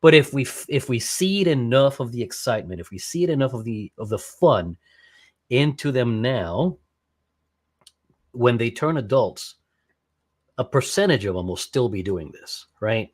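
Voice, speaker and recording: A man's voice: mid-range voice, animated, unhurried. Enthusiastic rambling man chatting. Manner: enthusiastic, rambling, with many restarts and "right?" tags. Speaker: podcast guest, skydiver and ham radio operator. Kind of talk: casual interview chat.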